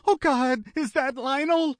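A hysterical sobbing kidnapper. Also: male voice, measured pace, no room sound. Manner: high frantic yelling and wailing.

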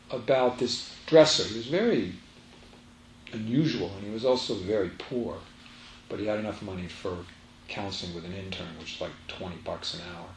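A man's voice: on the low side, a little hiss or hum. A man giving a spiritual teaching talk to a live audience, emphatic and repeating his phrases as he tells a story. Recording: roomy echo, faint ambience.

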